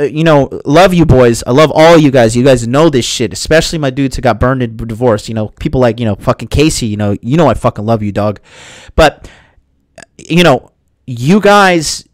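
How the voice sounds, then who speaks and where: His mid-range voice is animated and moderately paced, with no room sound. The twenty-something vlogger delivers a casual, swear-heavy rant to his viewers, rambling and restarting repeatedly.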